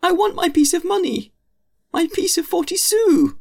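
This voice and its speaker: A shrill, pleading little boy. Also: animated, normal speed, creaky, darkish tone, heavily acted. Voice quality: high, shrill put-on child voice. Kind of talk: audiobook reading.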